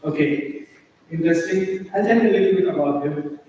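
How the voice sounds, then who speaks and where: Guy doing a mind-reading stage show, pretty high voice, lots of hall echo, sounds far off. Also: a little mellow, highs cut off, slight background noise. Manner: playful, teasing, gives quick commands. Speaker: stage mentalist performer. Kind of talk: live stage act with audience volunteers. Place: large indoor auditorium stage.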